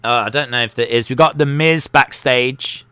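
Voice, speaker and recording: A man's voice: medium pitch, moderate pace, bright, forceful tone, clear, resonant tone, dry recording. A man hosting a live wrestling watch-along, chatty and jokey, reacting aloud as he goes. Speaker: live stream host.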